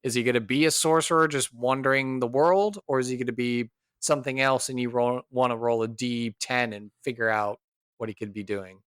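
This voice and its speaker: A man hosting a podcast, chatting casually and asking relaxed guiding questions about building a game character. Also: medium pitch, brisk, smooth, no echo, studio quality. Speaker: podcast host.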